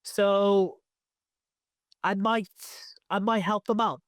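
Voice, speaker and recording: High, clear-voiced Cardiff Welsh man. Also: fairly even intonation, slow pace, no echo, clean studio sound. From Wales. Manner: rambling, lots of fillers and restarts. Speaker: professional wrestler, guest. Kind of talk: casual interview chat.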